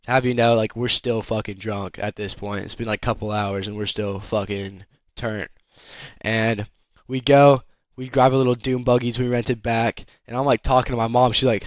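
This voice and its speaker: A man's voice: medium pitch, no room sound, dull audio. A young man telling a rambling storytime story in casual chat, filled with "like" and swearing. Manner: rambling, heavy swearing, lots of "like". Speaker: vlogger.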